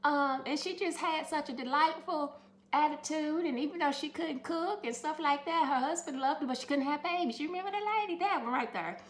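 A woman's voice: sits high, brisk, echoey room. Chatty woman calling viewers honey. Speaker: home cooking vlogger. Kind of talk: casual cooking demonstration.

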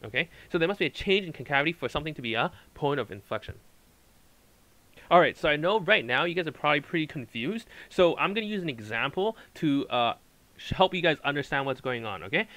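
A man's voice: mid-range voice, bright, forceful tone, low-quality recording. A man tutoring calculus at a whiteboard, explaining step by step and checking in often with "okay" and "right". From Hong Kong. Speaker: math tutor.

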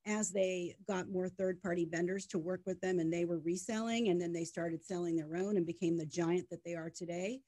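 A woman's voice: lowish voice, fairly quick, hardly any pauses. Emphatic middle-aged businesswoman guest. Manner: emphatic, animated storyteller. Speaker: media tech startup co-founder, guest. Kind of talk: conversational interview.

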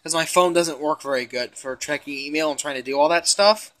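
A man's voice: on the high side, a little fast, noisy background. A young man who is a gaming vlogger, ranting in frustration and cursing heavily as he rambles while playing a game. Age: young adult.

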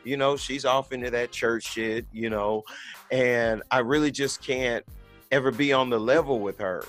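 A man's voice: medium pitch, normal speed, fairly bright tone, soft background music. Blunt, profane man in his thirties. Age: 30s. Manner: blunt, profane and candid, acting out quoted voices. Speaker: podcast host. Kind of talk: casual monologue.

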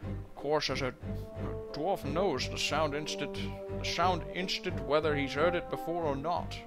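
A man putting on a gruff Scottish old dwarf. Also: on the high side, a little slow, over music. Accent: mock Scottish. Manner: stumbling over the written lines. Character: gruff old male dwarf miner, blunt.

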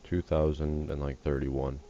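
Rumbling low and mellow, with a flat delivery and slightly slow pace, this sleepy US gaming host, who has just woken up, rambles and jokes through game commentary and gets distracted easily. The recording is dull lo-fi with a faint hiss.

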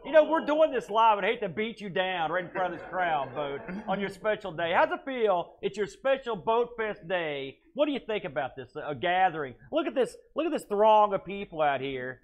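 A man's voice: sits high, very animated, moderate pace, few pauses, dull audio. A man co-hosting a comic bit, mock-boastful and teasing. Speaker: co-host.

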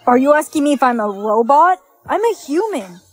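A woman's text-to-speech voice playing a friendly young man in a flat, synthetic way. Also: high-pitched, a little fast, faint music behind.

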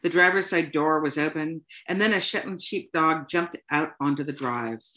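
A woman author reading her own short story aloud to an audience, in a plain, unhurried storytelling manner. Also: deep voice. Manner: unhurried, plain storytelling delivery with soft "um" fillers.

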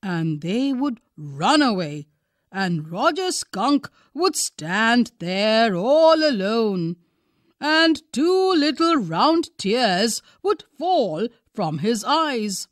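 A woman reading a father's lines as he tells his little daughter a bedtime story, in an emphatic, animated way. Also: a little high, extremely slow, no room sound, studio quality, heavily acted. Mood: storytelling.

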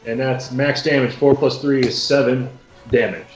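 A man's voice: medium pitch, steady tone, moderate pace. A man playing a tabletop game, calling his rolls in a matter-of-fact way. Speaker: player. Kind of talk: casual tabletop play. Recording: roomy dull audio with faint music.

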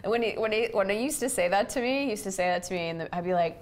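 A woman's voice: mid-range voice, rapid-fire, few pauses. A middle-aged woman hosting a casual chat, telling an everyday story and acting out the quotes with animation. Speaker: host. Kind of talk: casual chat about relationships.

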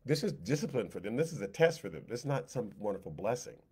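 A man teaching a Sunday school Bible lesson, talking casually and with plenty of animation. He keeps repeating his points and drops into quick spoken asides for the characters in the story. His voice sits at an ordinary middle pitch for a man. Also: very animated, darkish tone, breathy edge. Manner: conversational, repeats phrases.

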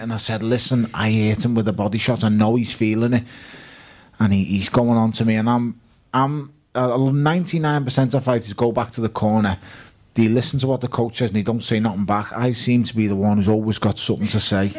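A man with a Liverpool accent, a guest at a live fan evening, telling lively stories and quoting himself and others. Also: lowish voice. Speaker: guest boxer.

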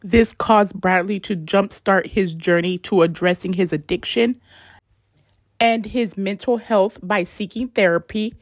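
A woman's voice: medium pitch, steady tone, a little slow, no room sound, studio quality. A woman narrating a celebrity life story in a chatty video style, with casual asides to her viewers. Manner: chatty asides, self-conscious about censored words. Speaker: YouTube narrator.

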